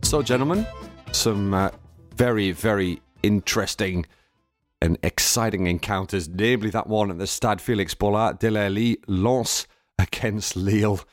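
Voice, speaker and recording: A man's voice: fairly low pitch, moderate pace, no echo, soft background music. A man hosting a football podcast, chatty and playful, poking fun at himself. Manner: chatty, self-mocking, playful. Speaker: podcast host. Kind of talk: casual chat.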